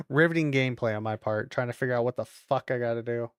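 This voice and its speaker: A male streamer thinks out loud while he plays, reacting with casual swearing. His voice is smooth and clear, at a middling pitch. The sound is dry and close to the mic. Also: fairly quick, dry recording. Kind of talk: casual game commentary.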